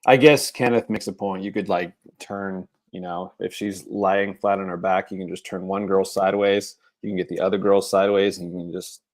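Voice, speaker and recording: A man's voice: sits low, steady tone, normal speed, few pauses, no echo. A man co-hosting a podcast, blunt and crude in casual banter. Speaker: podcast co-host. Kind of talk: casual chat.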